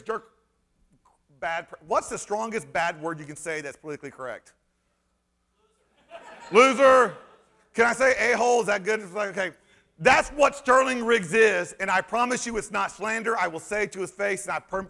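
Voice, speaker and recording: A man giving an animated conference talk, sarcastic and emphatic, rambling through restarts and breaking into shouts. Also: high voice, a little fast, gravelly. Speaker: conference speaker. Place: conference hall stage.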